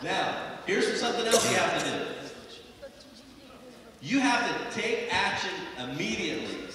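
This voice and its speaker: A man's voice: high-pitched, very animated, measured pace, noisy background. An American man giving a motivational sales speech on stage, emphatic and repetitive as he rallies the audience. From United States. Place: large conference hall. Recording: echoey hall from far off.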